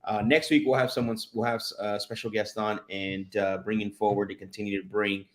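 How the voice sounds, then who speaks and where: A man hosting a live streamed show, chatting casually and energetically, calling out shout-outs with lots of fillers. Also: lowish voice, flat delivery, brisk.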